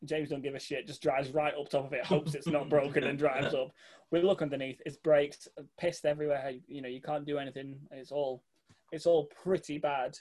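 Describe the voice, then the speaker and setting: A fairly high-voiced man tells a rambling road-trip tale with plenty of swearing and energy. He slips into quick impressions of the people he met along the way. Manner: animated, swears freely, mimics people he met. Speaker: guest telling a travel story. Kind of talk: casual anecdote.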